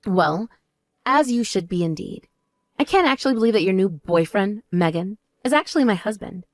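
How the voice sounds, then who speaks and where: Woman voicing a calm, cutting older sister. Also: no room sound, clean studio sound, close to an everyday voice. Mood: cool. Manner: measured, calm, lower and drier.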